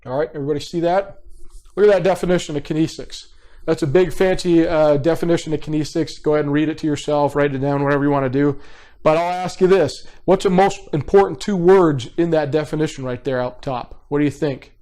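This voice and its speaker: A man in his thirties teaching a live online class through a computer mic, his voice pitched a little above the usual for a man. He talks casually and directly and keeps checking in with his students. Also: fairly even intonation, a little fast, warm tone. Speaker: behavior profiling instructor.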